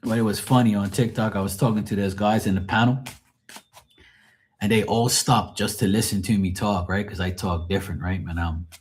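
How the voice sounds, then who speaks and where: A man's voice: fairly low pitch, fairly even intonation, fairly quick, slight background noise. A man in his forties from Bermuda with a Bermudian accent, telling stories in blunt, profane casual chat on a live stream. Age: 40s.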